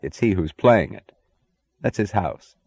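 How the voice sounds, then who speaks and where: A man doing a calm, quietly amused man. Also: low-pitched, creaky, husky, no room sound, exaggerated voice. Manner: calm, measured, quietly confident.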